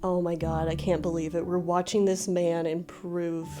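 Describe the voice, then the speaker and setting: A woman doing casual live-stream commentary, gushing and excitable, laughing often. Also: lowish voice, normal speed, over music. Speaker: livestreamer.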